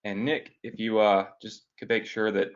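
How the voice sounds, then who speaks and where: A man with a sick, hoarse voice hosts a live online business training from a hotel room. He talks to viewers in a chatty, upbeat way and asks them to answer yes. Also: lowish voice, little pitch movement, moderate pace, dull audio. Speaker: online business coach hosting a weekly training. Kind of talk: live webinar talk.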